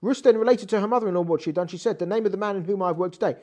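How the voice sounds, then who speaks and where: A Torah teacher giving a text study lesson, animated and full of rhetorical questions, reading out Hebrew terms. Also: mid-range voice, racing.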